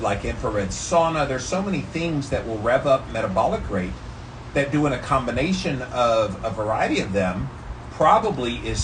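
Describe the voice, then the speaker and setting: An upbeat man chats to his viewers from an outdoor ice bath, stopping now and then to ask them a rhetorical question. His voice sits at an ordinary middle pitch, with a faint hiss of outdoor noise behind it. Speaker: health vlogger. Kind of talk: casual talk to camera while sitting in an ice bath.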